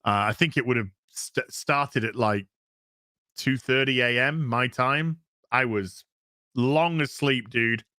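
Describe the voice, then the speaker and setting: A man's voice: mid-range voice, slow, bright, forceful tone, no echo, studio quality. A man hosting a casual live stream, reading out donations and thanking viewers in a loose, crude, jokey way.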